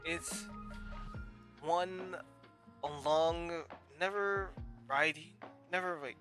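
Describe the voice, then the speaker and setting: Sick guy reading game text, slow and stumbly, bright voice, game music behind. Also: a little high, fairly even intonation. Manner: stumbling, self-correcting reading. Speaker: game streamer.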